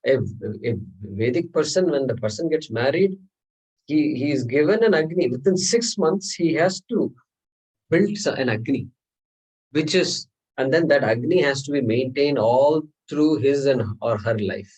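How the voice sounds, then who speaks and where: An expressive man with a fairly high, darkish voice and a breathy edge speaks unhurriedly on a rough recording. In a classroom he teaches scripture, moving step by step, checking in with "okay?" frequently and putting rhetorical questions to the class.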